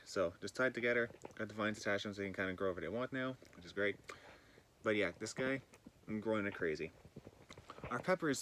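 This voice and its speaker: A man's voice: on the low side, fairly bright tone, slight background noise. A man touring his greenhouse for a vlog, talking loosely and rambling with some swearing, a bit groggy. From northern British Columbia, Canada. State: a bit groggy, just woken. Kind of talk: casual chat. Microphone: handheld camera.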